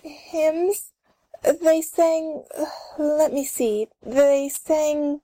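High voiced young girl, woman reading, hesitant, stammers a lot. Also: animated, moderate pace, a little mellow. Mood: girlish. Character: vain young girl, flustered. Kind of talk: amateur play reading.

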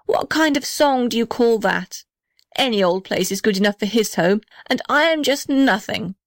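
Woman doing a mopey young house character, high and whiny, storybook. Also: lively intonation, moderate pace, no echo, studio quality. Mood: mournful. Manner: whiny, sighing, self-pitying. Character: sulky young male house, mopey and touchy.

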